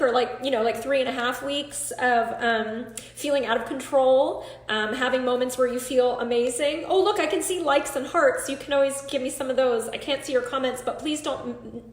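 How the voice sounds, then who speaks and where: Nervous high-voiced woman, near tears. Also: roomy sound. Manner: nervous, hesitant, many ums. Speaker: live-stream host. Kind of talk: casual live-stream talk. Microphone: phone or computer.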